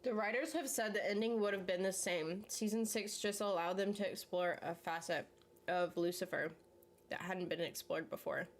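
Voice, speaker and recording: A woman's voice: medium pitch, steady tone, normal speed. Chatty young woman, rambling with lots of "like". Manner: rambling, filler-heavy with frequent "like" and laughs. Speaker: channel host. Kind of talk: casual chat reacting to a series while eating.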